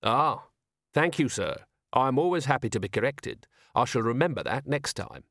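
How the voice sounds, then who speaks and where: Young assassin, overly courteous and eerily calm, voiced by a male narrator; dry close mic. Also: mid-range voice, moderate pace, no echo. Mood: polite. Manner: soft-spoken, overly courteous, keeps saying sir.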